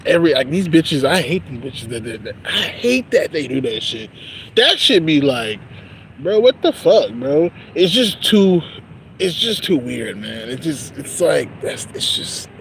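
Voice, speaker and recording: A man's voice: mid-range voice, fairly bright tone, a little hiss or hum. A young man venting in a casual, profane, rambling rant about work, repeating bro and you know what I'm saying, outdoors by a street.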